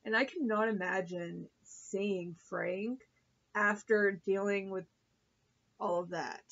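A woman's voice: mid-range voice, steady tone, takes it slowly, a bit bright, dull audio. A woman vlogger reviewing a TV episode in a chatty, gushing way, full of fillers and swearing. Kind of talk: casual chat.

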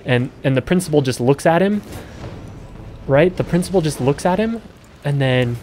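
A man's voice: fairly high pitch, expressive, normal speed, slight background noise. A young man streaming a game, rambling casually and swearing while he plays. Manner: swearing, rambling, gets loud and exasperated. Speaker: gaming streamer.

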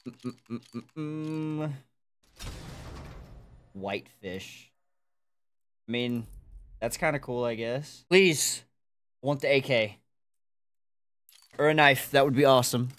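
Slow-talking young streamer, excitable. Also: medium pitch, clean tone, no room sound. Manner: chatty, swears, yelps loudly when excited. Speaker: streamer opening game cases. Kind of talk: casual live-stream commentary.

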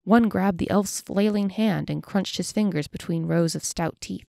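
A woman narrating a fantasy audiobook in a steady, measured way. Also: on the low side, creaky, no room sound, studio quality.

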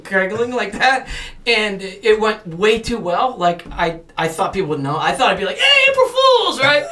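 A man, a podcast guest who is an actor and comedian, telling stories with animated delivery and acting out the voices of people in them. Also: high voice, normal speed. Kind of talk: animated storytelling.

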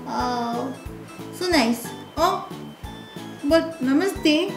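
A woman hosting a toy play channel, narrating the toys' actions in a bright, sing-song way. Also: a little high, lively intonation, takes it slowly, long pauses. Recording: roomy with background music.

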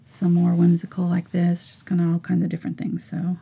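A woman in her forties teaching a live painting lesson, chatty and encouraging, often slipping into soft whispers as she works. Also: fairly low pitch, monotone, a little fast, creaky, slightly rough. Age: 40s. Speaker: art teacher.

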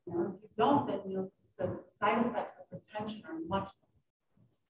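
A woman doctor giving an informal question-and-answer talk, who tells stories lively and acts out her patients' voices. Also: mid-range voice, moderate pace. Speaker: urogynecologist giving a library talk. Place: library meeting room. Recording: echoey room, distant dull mic.

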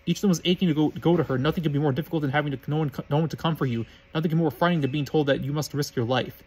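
A man reads fan fiction aloud as the narrator, in a plain, matter-of-fact storybook manner. His voice sits a bit high and sounds husky, and he moves along at a quick clip. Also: rough recording.

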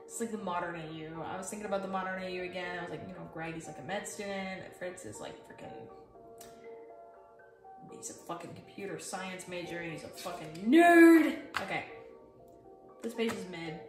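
A woman's voice: lowish voice, fairly even intonation, a little fast, recorded from a distance. Young woman artist, casual and foul-mouthed, set back from the mic in an echoey room with music behind. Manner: rambling, profane and self-mocking. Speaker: artist showing her sketchbook. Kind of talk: casual chat. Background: music playing.

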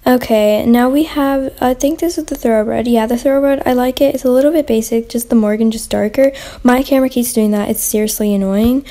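A woman's voice: fairly high pitch, brisk, dark tone. Chatty young woman rambling with fillers. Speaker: channel host. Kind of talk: casual Q&A gaming vlog.

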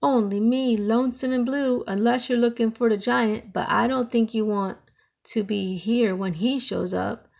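A woman's voice: fairly high pitch, steady tone, measured pace, vocal fry, a little mellow. A woman doing a lonesome talking jukebox. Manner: folksy, lamenting. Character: sad, sassy female talking jukebox.

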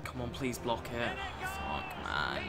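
A man's voice: mid-range voice, sing-song, slow pace, gravelly, loud music behind the voice, a loud crowd. A young man giving sweary, exasperated commentary over his own video game match. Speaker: gaming YouTuber. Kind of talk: gameplay commentary.

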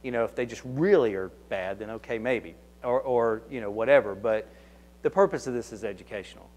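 A man's voice: mid-range voice, a little fast, darkish tone. Chatty Southern man fielding questions. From Kentucky. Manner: conversational and anecdotal, frequent restarts. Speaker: conference speaker, security consultant. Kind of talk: answering audience questions. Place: conference hall.

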